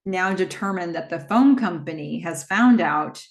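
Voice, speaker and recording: A woman hosting a casual horror movie recap, retelling the plot in a chatty way with quick asides. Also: lowish voice, expressive.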